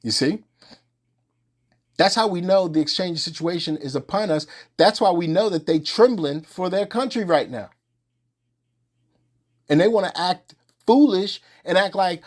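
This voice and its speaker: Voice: medium pitch, animated, unhurried, pauses often, a little mellow. A religious teacher giving an informal sermon in colloquial speech, emphatic and repetitive, firing off rhetorical questions and restarting phrases.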